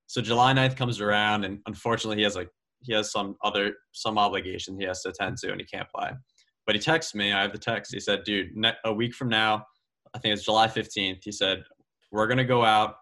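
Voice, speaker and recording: A young adult man casually telling a story as a guest golfer, animated, laughing as he talks and saying "like" often. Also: on the low side, quick pace. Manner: animated, laughs while telling, many fillers of "like".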